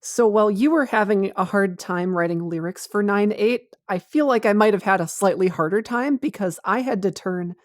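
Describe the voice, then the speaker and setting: A woman's voice: medium pitch, normal speed, hardly any pauses, a little mellow, no echo, clean studio sound. A woman in casual podcast chat, explaining her music work in a wry way.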